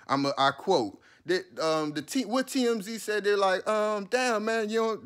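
A man's voice: fairly high pitch, a bit bright. A man giving a heated, profane and sarcastic commentary, talking straight to his listeners. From New Orleans, USA. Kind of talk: ranting commentary.

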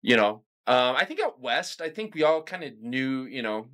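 A man's voice: medium pitch, sing-song, normal speed, fairly bright tone. A young adult man from California, guest in a casual conversation, talking in a loose chatty way full of fillers. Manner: chatty, lots of "like" and "you know".

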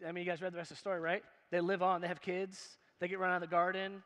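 A pastor with a high, bright, ringing voice preaches in a church. He talks to the crowd like a friend, throwing out questions and jokes. The sound carries a long hall echo. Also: level tone, rapid-fire. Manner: emphatic and conversational, asks the crowd questions, jokes. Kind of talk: sermon.

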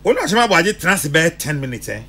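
Lively Ghanaian man, bright and animated. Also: a little high, fast talker, breathy edge. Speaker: radio show host. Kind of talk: casual chat.

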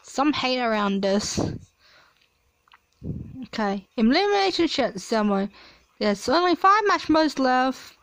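A young woman gives a casual running commentary while playing a simulation game at home. Her voice sits a little high and she reads the results slowly, breaking in with excited exclamations. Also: gravelly, no room sound. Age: young adult. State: coughing at times. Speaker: player reading a simulator. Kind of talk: casual play-along commentary.

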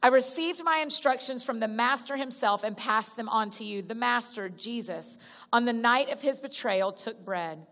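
A woman's voice: fairly high pitch, moderate pace, a bit bright. A woman giving a conversational sermon as a guest speaker at a church gathering. She talks directly to the crowd, calls them y'all, restarts sentences, and acts out little prayers. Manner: chatty, direct, addresses listeners as y'all. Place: church auditorium. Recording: long reverb of a large hall.

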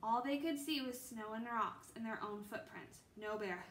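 Bright-voiced woman reading a children's book. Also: fairly high pitch, normal speed. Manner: steady storytelling with small slips. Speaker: reader. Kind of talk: children's book read-aloud. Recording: roomy with faint ambience.

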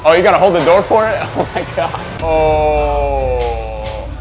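A man's voice: a little high, unhurried. A man in his twenties vlogging from a restaurant, joking and nervous as he talks through a food challenge. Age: 20s. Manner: jokey, nervous, animated. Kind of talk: excitable vlog chatter. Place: restaurant, indoors. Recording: music bed behind voice.

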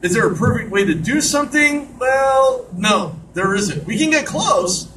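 A man's voice: very high-pitched, animated, unhurried, pushed and bright. A man hosting an online radio show, talking in a chatty monologue with joking asides. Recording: distant mic with clear background noise.

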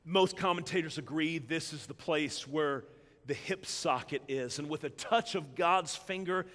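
Preacher, male, fairly high-pitched, in a big reverberant sanctuary, dramatic loud-to-quiet delivery. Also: unhurried. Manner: preaching with big swings between loud emphatic build-ups and hushed low passages. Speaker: pastor. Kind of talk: sermon. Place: church sanctuary. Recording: long church hall reverb.

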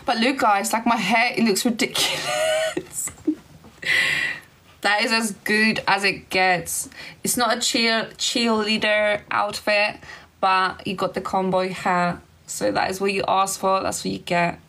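A young woman from Eastern Europe hosting a casual phone livestream, giggly and chatty, answering comments in quick short replies. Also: medium pitch, fairly even intonation, pushed and bright, low-quality recording. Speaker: livestream host.

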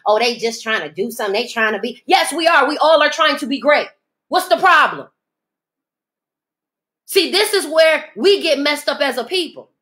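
A woman's voice: high voice, pushed and bright. A woman hosting a podcast, delivering an emphatic, preachy motivational monologue. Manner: emphatic, preachy, speaks in dialect, mimics others in asides. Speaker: podcast host.

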